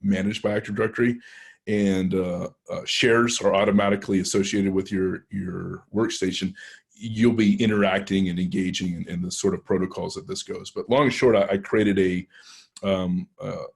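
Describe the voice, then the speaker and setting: A man with a deep, gravelly, husky voice and a Texan accent speaks at normal speed in a steady tone. As a penetration tester guest speaker, he tells a club a rambling anecdote marked by frequent hesitations and restarts.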